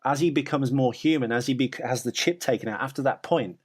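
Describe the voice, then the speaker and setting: A man's voice: medium pitch, fairly quick. A man co-hosting a podcast, talking casually and rambling with frequent restarts and filler sounds. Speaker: podcast co-host.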